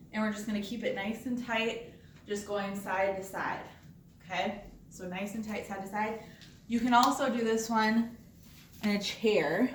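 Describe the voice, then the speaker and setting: A woman's voice: medium pitch, slight background noise. Woman showing coworkers band workouts, casual and chatty, kinda breathless, far from the mic in a roomy echo. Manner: casual, chatty, lots of fillers and "okay?". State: slightly out of breath. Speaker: workplace fitness instructor. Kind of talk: casual exercise demonstration. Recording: echoey room, voice from far off.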